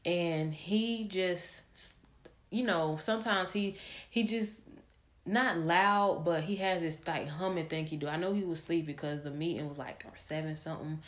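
A woman's voice: fairly low pitch, moderate pace. A young adult woman hosting a podcast, telling a candid personal story in a rambling way with many fillers and restarts. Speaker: podcast host.

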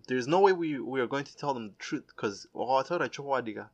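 A young man casually telling a story, mixing English with Shona, animated and laughing often as he swings between loud bursts and quiet asides. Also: mid-range voice, fast, muffled recording.

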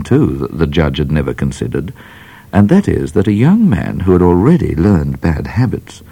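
A man reading a children's storybook aloud in a measured, expressive narration. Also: low voice, breathy edge. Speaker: reader.

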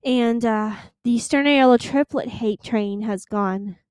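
A woman in her twenties from Florida, hosting a casual solo podcast, chatty and emphatic, slowing down to stress her points. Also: a little high, darkish tone, clear, resonant tone, no room sound, clean studio sound. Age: 20s. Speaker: podcast host.

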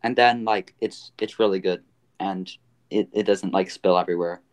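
A man's voice: sits low, steady tone, moderate pace. A man hosting a casual podcast, rambling with many fillers. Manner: rambling, full of fillers and restarts. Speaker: podcast host.

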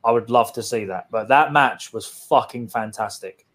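A young man, co-hosting a casual podcast chat, excitable and sweary, rambling with lots of fillers. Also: medium pitch, moderate pace. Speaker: podcast co-host.

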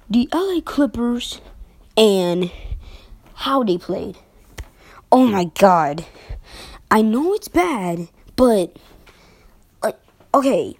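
Young female vlogger, unhurried delivery, rambling exasperated sports rant. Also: a little high, big pitch swings, a little mellow. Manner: rambling, exasperated, self-interrupting with fillers and laughs. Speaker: basketball vlogger. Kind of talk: casual sports commentary vlog.

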